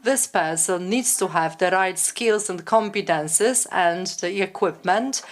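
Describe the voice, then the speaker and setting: A woman interpreting academic conference talks in real time, measured and pausing often with hesitations. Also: fairly low pitch.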